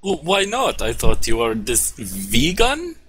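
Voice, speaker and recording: A man's voice: medium pitch, wildly swooping pitch, slow pace, a bit bright, a little hiss or hum, full character voice. A man voicing a naive male vampire from the old country, speaking in broken English with puzzled questions during a tabletop game. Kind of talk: tabletop role-play.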